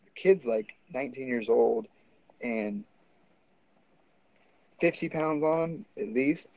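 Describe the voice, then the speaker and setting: A man's voice: mid-range voice, slow pace, vocal fry, darkish tone, no echo, low-quality recording. A man telling a story in a casual, rambling and profane way.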